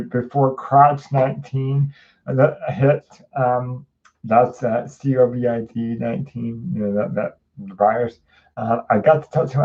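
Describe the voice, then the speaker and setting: Male host, casual tarot stream; slow, filler-heavy rambling delivery, dull lo-fi sound. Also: medium pitch. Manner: rambling, many fillers and restarts, chatty with viewers. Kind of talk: casual livestream tarot reading.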